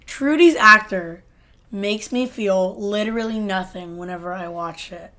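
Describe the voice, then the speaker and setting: A woman co-hosting a podcast, reviewing TV episodes in a relaxed, conversational way with frequent filler words. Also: mid-range voice, unhurried. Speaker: podcast co-host. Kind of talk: casual chat reviewing TV episodes.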